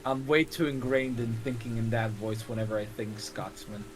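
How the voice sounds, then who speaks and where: A man's voice: medium pitch, normal speed. A man playing a tabletop game, chatting casually in a rambling way with restarts and frequent laughs. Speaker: player.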